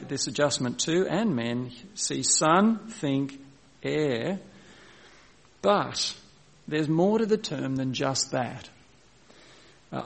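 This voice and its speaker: Gravelly-voiced man preaching a sermon. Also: mid-range voice. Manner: slows down to read scripture, restarts phrases. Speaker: pastor.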